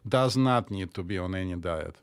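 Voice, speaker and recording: A man's voice: deep voice, moderate pace, smooth. A middle-aged man from the former Soviet Union, a psychiatrist co-hosting a casual chat with dry jokes and slightly stiff phrasing. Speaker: podcast co-host, psychiatrist.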